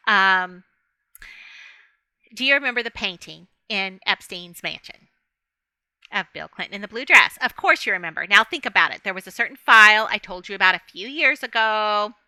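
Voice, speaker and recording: Bright, chatty woman vlogger. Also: medium pitch, clean tone, no echo. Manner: chatty, rambling, laughs often, speaks to viewers directly. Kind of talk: casual rambling monologue to camera.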